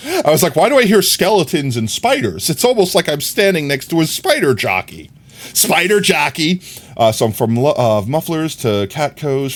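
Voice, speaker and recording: A man streaming a game, chatting casually and telling a long rambling story with many fillers. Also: mid-range voice. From New York. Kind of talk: casual chat while gaming.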